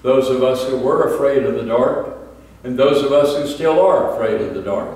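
Older male pastor, measured sermon delivery, heard from far off in a very echoey sanctuary. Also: mid-range voice, a little mellow. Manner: measured, explanatory, with frequent "uh" pauses. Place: church sanctuary. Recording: echoey church from far off, faint background hiss.

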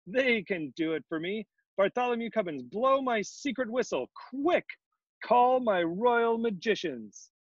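A man's voice: a little high, lively intonation, unhurried, dry recording, lo-fi sound. A man reading aloud and voicing a grumpy, demanding old male king in a storybook. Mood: commanding. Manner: raised, commanding storybook voice.

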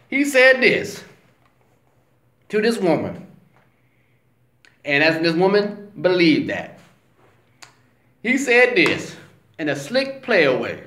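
Slow, animated man preaching casually. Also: high-pitched. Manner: slow, emphatic, conversational, says "you know what I'm saying". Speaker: vlogger. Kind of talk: casual religious talk. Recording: roomy echo.

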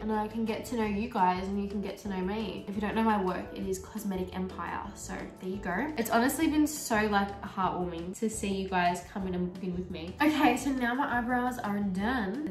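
A young woman in a casual get-ready-with-me chat, talking about her day between makeup steps and leaning on "like" as she goes. She sounds some way from the mic in an echoey bedroom, and soft music plays underneath. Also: mid-range voice. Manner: chatty, full of "like" fillers, lively storytelling. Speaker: beauty vlogger. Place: small bedroom filming setup. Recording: roomy echo, mic at a distance, soft music.

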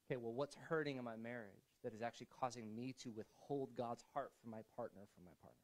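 A male pastor delivering a sermon in a church, with a voice of ordinary middle pitch. He talks in a loose, conversational way, restarting his sentences often. He drops to quiet asides and then rises to emphatic points. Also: steady tone, fairly quick, poor audio.

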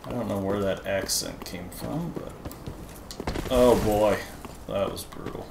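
A man narrates his own gameplay in an unhurried, casual drawl, teasing himself over every mistake. His voice sits a little low. The recording is roomy and has a steady noise underneath. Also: creaky. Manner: self-deprecating, chatty, talking to viewers. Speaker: gaming channel host. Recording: echoey room with noise.

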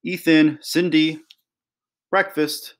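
A man's voice: mid-range voice, brisk, lightly acted. A man voicing a mother calling her children.

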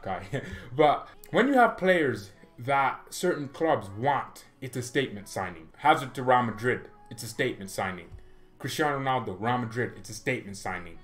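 A young man hosting a football fan vlog, animated and opinionated, laughing often and acting out players. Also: mid-range voice. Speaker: football fan channel host.

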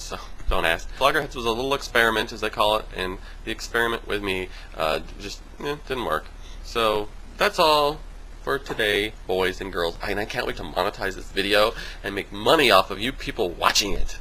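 A man venting on his video blog in a casual, animated way, swearing freely and mimicking other people in high voices. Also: normal speed, slight background noise, rough recording. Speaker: vlogger. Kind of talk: casual vlog rant.

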